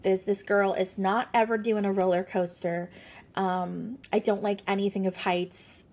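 A woman in her thirties speaks at a mid-range pitch with a soft, breathy edge to her voice. She hosts her own podcast and tells a personal story in a chatty, earnest way, often circling back with casual fillers. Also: little pitch movement, a little slow. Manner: chatty, earnest, sprinkles talk with "like". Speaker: podcast host.

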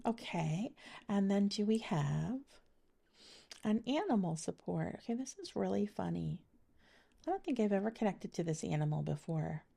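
A woman's voice: medium pitch, sing-song, normal speed, gravelly, mellow, breathy edge. A middle-aged woman giving a casual intuitive energy reading, chatty and meandering with many fillers, laughing easily. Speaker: spiritual reader giving a monthly energy reading.

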